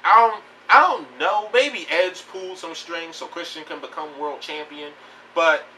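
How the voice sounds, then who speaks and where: A man's voice: a little high, sing-song, normal speed, pushed and bright, distant mic, slight background noise, low-quality recording. A man giving a blunt, profane, rambling rant about pro wrestling news in a casual home video. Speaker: wrestling vlogger.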